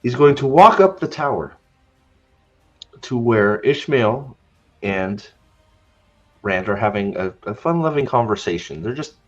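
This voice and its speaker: A man's voice: medium pitch, animated, unhurried, pauses often, highs cut off, soft background music. A man hosting a podcast in a casual, sarcastic rant, stumbling over his words as he mock-retells scenes. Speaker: podcast host.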